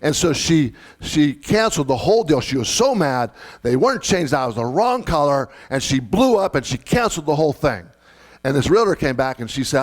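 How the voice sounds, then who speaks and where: A man's voice: a little high, very animated, fairly quick. Man preaching a conversational sermon. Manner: conversational, repeats key phrases, asks the congregation questions. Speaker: pastor.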